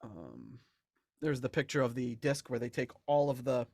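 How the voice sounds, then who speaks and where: A man's voice: medium pitch, sing-song, moderate pace, gravelly, darkish tone, no echo, clean studio sound. A man co-hosting a podcast in casual chat, rambling with frequent restarts and laughs. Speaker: podcast co-host. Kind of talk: casual chat about album memorabilia.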